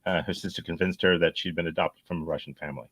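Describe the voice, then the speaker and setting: A man hosting a comedy panel game, guiding it along with many "uh" and "um" pauses. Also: low voice, steady tone, fairly bright tone. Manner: hesitant, "uh" and "um" fillers while guiding play. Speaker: game show host.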